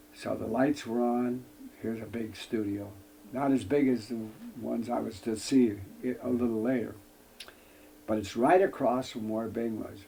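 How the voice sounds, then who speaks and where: A man's voice: medium pitch, gravelly, a little mellow, a little hiss or hum. An older man from the United States, a guest in an interview telling a long anecdote in folksy wording with frequent "I says" and acting out other people's lines. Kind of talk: storytelling anecdote.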